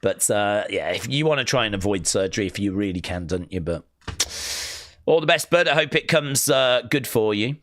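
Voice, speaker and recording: A man whose voice sits on the low side sounds animated and fairly bright, keeping a moderate pace. On his wrestling live stream he reminisces in a casual, rambling way, full of fillers and quotes he acts out.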